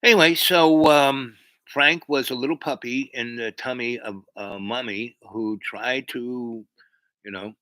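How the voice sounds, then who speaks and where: A man's voice: medium pitch, steady tone, unhurried, pushed and bright, no echo, poor audio. A man hosting a livestream, telling a meandering story to his chat with many fillers and restarts. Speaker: livestream host.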